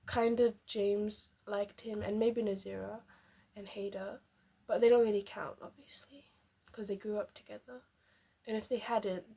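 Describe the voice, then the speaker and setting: Giggly young woman with a husky voice. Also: mid-range voice, darkish tone. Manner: chatty, giggly, rambling asides. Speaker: book vlogger. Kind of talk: casual reaction chat.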